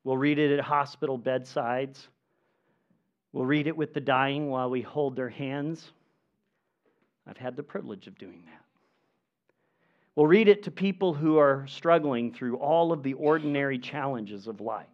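A pastor preaching a sermon in an earnest, emphatic way, with measured pauses. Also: male voice, medium pitch. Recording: dull lo-fi recording.

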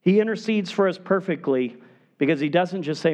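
A man preaching a sermon as a pastor, with emphatic delivery that falls to hushed, quiet stretches for emphasis. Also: fairly high pitch, expressive, moderate pace.

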